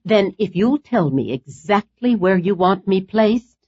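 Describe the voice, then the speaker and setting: A man narrating an audiobook, voicing a brisk, determined older grandmother spy in a higher, lively voice. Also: breathy edge, muffled recording, exaggerated voice.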